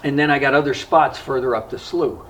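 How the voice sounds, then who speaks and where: A man hosting a fishing vlog, telling a story in a casual, unhurried way with frequent pauses and fillers. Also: mid-range voice, a bit bright, distant mic, slight background noise, low-quality recording. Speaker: fishing vlogger. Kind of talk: casual spoken storytelling to camera.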